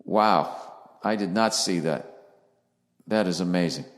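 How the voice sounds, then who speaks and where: A man's voice: low-pitched, a little slow. Male podcast host, rambling sarcastic swearing monologue, echoey attic recording. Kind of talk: casual solo podcast monologue. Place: attic of a house.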